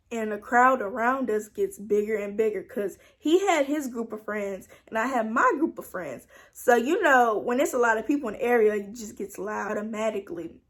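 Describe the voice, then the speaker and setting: Animated young woman telling a storytime. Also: on the high side. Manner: animated, acts out quoted lines in her own voice. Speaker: vlogger. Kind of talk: casual storytime.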